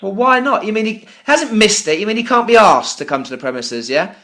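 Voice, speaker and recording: An exasperated British business owner vents furiously at a customer service agent over the phone, his high, strained voice expressive, fairly quick, and a bit bright. His rant turns sarcastic and profane, with frequent swearing, and he stammers, repeating the same words again and again.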